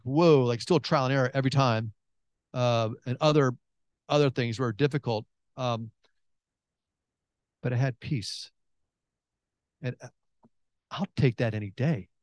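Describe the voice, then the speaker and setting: A pastor gives a chatty, joking sermon, acting out his own prayers with big jumps in pitch and pushing through lots of restarts. The recording is studio quality with no echo.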